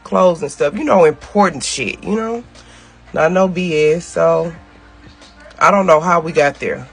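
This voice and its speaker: A man telling a personal story to camera in a sassy, profane, animated way, talking straight to his viewers. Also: a little high, measured pace, vocal fry, breathy edge.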